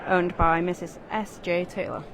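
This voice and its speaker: Low-voiced woman with a Sheffield accent. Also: level tone, normal speed, a crowd in the background. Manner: reads out catalogue numbers and dog names, casual. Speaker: ringside commentator. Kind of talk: live dog show commentary.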